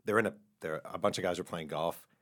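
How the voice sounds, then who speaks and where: Fast-talking deep-voiced man telling stories. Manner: animated storyteller, laughs while telling anecdotes. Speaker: author guest. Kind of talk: casual storytelling interview.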